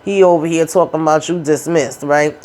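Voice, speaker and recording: A woman's voice: deep voice, steady tone, fairly quick, darkish tone. A woman casually recapping a TV drama episode, acting out the characters' lines with slangy asides. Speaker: TV recap host.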